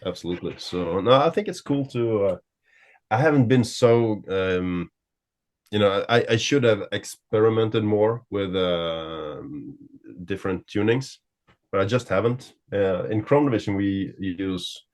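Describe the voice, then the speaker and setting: Low-voiced man chatting about gear. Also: expressive. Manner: halting, searches for words, many fillers. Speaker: guest guitarist. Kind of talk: casual gear chat.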